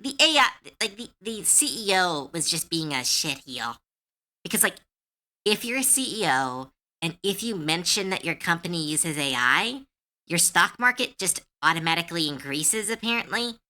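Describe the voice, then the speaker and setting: A woman streaming live, chatting casually, animated and opinionated, with lots of filler words and swearing. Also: fairly low pitch, moderate pace. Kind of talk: casual livestream chat.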